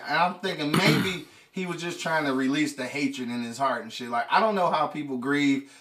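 Casting: male podcast host, casual and profane, quick laughs, a bit far from the mic. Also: mid-range voice, fairly bright tone. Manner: loose, profane, laughs often, restarts a lot. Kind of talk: casual chat.

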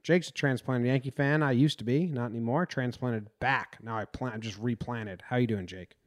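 A man's voice: mid-range voice, normal speed. A man from New Jersey hosting a casual sports podcast, rambling and venting his frustration. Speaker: podcast host.

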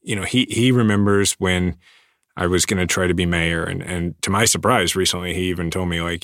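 A man in his thirties, a guest in a casual interview, speaking earnestly with many halting restarts. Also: sits low, steady tone, fairly bright tone, dry recording, clean studio sound.

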